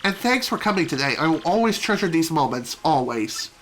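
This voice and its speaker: A woman's voice: sits low, big pitch swings, a little fast, a bit bright, faint music behind. A woman voicing a giddy young female fan who gushes and squeals, reading game dialogue aloud. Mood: gushing. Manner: squealing, breathless gushing.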